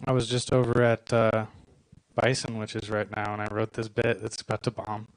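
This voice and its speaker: A man in his twenties performing a stand-up comedy set on a club stage, with a deadpan, self-deprecating delivery and short punchlines. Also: on the low side, normal speed, smooth, dry recording, rough recording. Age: 20s.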